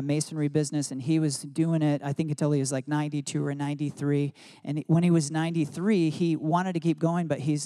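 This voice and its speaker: A middle-aged man preaching a sermon in a mellow, slightly raised voice. He turns reflective and slows down, going soft in prayerful passages. The sound is close and dry. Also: on the high side, dry recording. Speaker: pastor.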